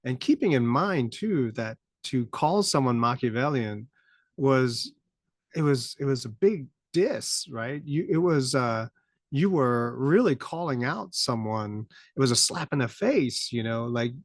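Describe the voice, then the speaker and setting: This middle-aged podcast host offers casual commentary at a mid pitch, his intonation lively and his pace a little slow. He wanders from point to point, laughing in disbelief and climbing to incredulous highs. The recording is close and dry, with no room sound at all.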